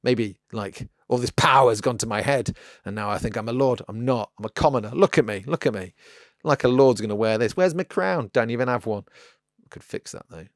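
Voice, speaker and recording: A man's voice: mid-range voice, a little fast, dry recording, clean studio sound. A man hosting a casual miniature painting tutorial, rambling and joking at his own expense. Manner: rambling, self-mocking and playful. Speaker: miniature painting channel host.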